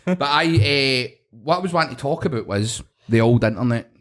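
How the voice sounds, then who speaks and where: A man's voice: mid-range voice, animated, moderate pace, a bit bright. A middle-aged Scottish man hosting a podcast, telling sweary, laughing stories in casual chat. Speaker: podcast host.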